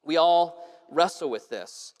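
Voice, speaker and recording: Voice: mid-range voice, animated, takes it slowly, darkish tone. Casual pastor preaching in a reverberant church. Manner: casual and humorous, with frequent restarts. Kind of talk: conversational sermon. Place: church sanctuary.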